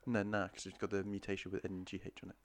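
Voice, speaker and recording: Deep-voiced man joking on a podcast. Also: monotone, fast. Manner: jokey, trying out silly accents. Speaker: podcast co-host. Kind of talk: casual chat.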